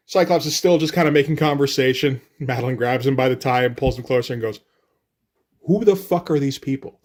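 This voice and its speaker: A man reviewing a comic book in casual solo commentary, relaxed and loose, swearing offhandedly. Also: a little high.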